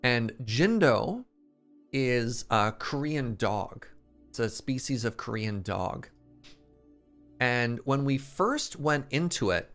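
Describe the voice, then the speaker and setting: An animated man tells a rambling story in a casual stream chat. His voice sits at an ordinary middle pitch and jumps up whenever something excites him. Faint background music plays under him. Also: smooth. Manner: animated, excitable storyteller, quick quoted asides.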